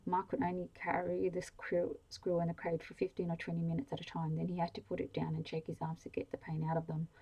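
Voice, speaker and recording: Low gravelly woman reading softly. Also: monotone, muffled recording. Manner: slow, hushed reading of a novel. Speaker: storyteller. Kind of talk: soft-spoken ASMR bedtime reading.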